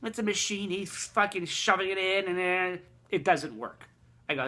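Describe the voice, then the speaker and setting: A man rants to his viewers in a loose, rambling vlog, cursing constantly and getting worked up. His voice is bright and forceful with a tense edge. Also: sits high, moderate pace. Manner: rambling, heavy swearing, excitable. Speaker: vlogger. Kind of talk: casual profane rant.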